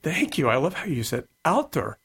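Gravelly, husky man joking on radio. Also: medium pitch, very animated, moderate pace, fairly bright tone. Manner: playful, joking. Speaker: guest, beauty expert and author. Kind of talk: casual radio interview. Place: radio studio.

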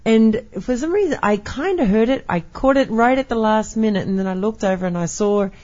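A woman's voice: fairly high pitch, animated, fairly quick, a little mellow, lo-fi sound. A woman with an unnamed foreign accent, co-hosting a casual chat and laughing easily. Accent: non-American, unnamed. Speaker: co-host.

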